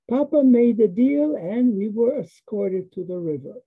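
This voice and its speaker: An older woman telling a personal story slowly and vividly, acting out the dialogue. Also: a little high, expressive, slightly rough. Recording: tinny phone-like sound.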